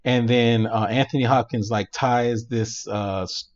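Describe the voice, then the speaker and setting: A man co-hosting a podcast, casually retelling a movie plot in an animated way, laughing often and using many fillers. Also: mid-range voice, measured pace, muffled recording. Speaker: podcast co-host. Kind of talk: casual chat, recapping a movie.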